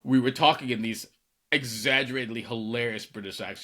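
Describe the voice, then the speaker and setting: A man co-hosts a podcast, casually telling stories in an animated way and acting out what people said. His mid-range voice moves fairly quickly.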